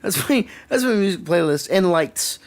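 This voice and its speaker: A man's voice: sits high, lively intonation, moderate pace. A young man with a Canadian accent, ranting sarcastically and swearing often as a podcast co-host. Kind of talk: casual chat. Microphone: podcast microphone.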